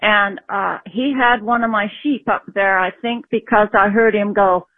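A woman from Utah, a former sheep herder, calling in and telling a story slowly with many pauses. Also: medium pitch, steady tone, dry recording. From Utah, USA. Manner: slow and halting, with fillers. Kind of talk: phoned-in storytelling. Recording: phone line.

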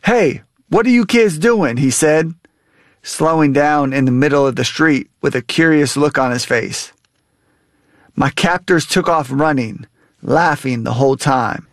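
A man in his thirties, a guest author, reading from his memoir and answering interview questions in an earnest, measured way. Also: medium pitch, no room sound.

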